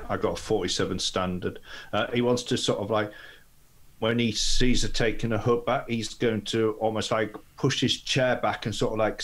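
A man playing in a tabletop game, hesitantly describing what his character does, with ums and restarts. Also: on the low side. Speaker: player.

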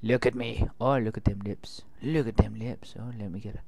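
A man's voice: on the low side, steady tone, normal speed, vocal fry, very noisy. A man recording let's play commentary, joking and talking back to the game's characters. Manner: jokey, talks back to game characters. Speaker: gaming video host.

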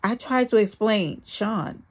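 A woman narrates a first-person memoir in a dramatic, earnest way. Her voice has a gravelly fry at mid pitch. It is a steady audiobook reading. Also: moderate pace. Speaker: audiobook reader.

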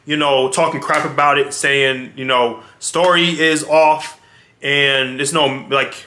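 A man in his twenties hosting a reaction video, excitable and slangy, often exclaiming and calling his viewers y'all. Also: mid-range voice, slow pace, a little hiss or hum. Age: 20s. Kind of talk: casual reaction commentary.

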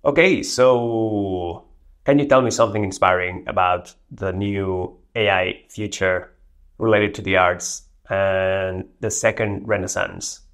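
A man's voice: deep voice, steady tone, slow. A man hosting a tech video, casually walking through a demo and giving spoken prompts to an AI assistant. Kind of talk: casual screen demo narration.

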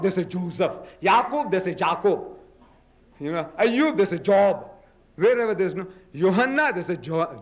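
A man's voice: high voice, rough recording. An older man giving a public religious lecture, emphatic and full of rhetorical questions. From South Africa.

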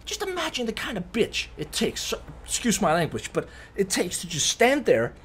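A young vlogger tells a story at a moderate pace, his lively voice swinging between high and low. He's animated and swears a lot, constantly adding "right?", with a faint hiss in the background.

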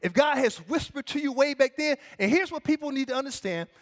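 A man's voice: very high voice, animated, fairly quick, a bit bright. A middle-aged man preaching a sermon as pastor, calling for the congregation to repeat after him, his cadence rising and dropping.

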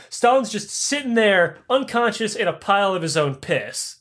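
High-voiced man telling crude history. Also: animated, fairly quick, few pauses, fairly bright tone. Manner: crude, profane, acts out characters' lines. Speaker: podcast host. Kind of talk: comedic history storytelling.

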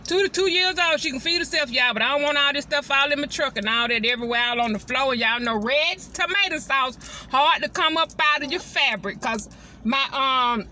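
A woman and mother chatting casually to her viewers from inside her truck, animated and constantly addressing them directly. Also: high voice, fairly quick, a little hiss or hum. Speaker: vlogger and mother.

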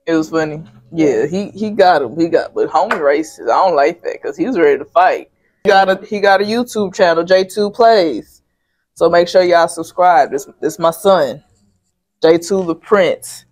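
A woman hosting a reaction video in relaxed, slangy, casual chat. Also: fairly low pitch, moderate pace.

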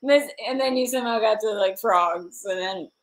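A woman's voice: mid-range voice, moderate pace, rough recording. A woman hosting a casual livestream, giggling constantly and slap-happy tired. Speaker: livestream host.

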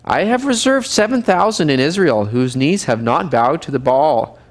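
A man's voice: on the high side, expressive, moderate pace. A man teaching a Bible study class, reading scripture aloud and explaining it in a conversational way, asking the class questions.

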